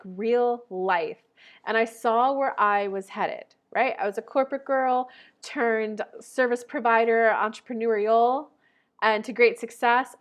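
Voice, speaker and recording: A woman in her thirties talks straight to her viewers in a loose, chatty coaching style. She is animated, acting out the voices of people she met. Her voice sits a little on the high side. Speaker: life and manifestation coach. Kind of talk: casual talking-head vlog.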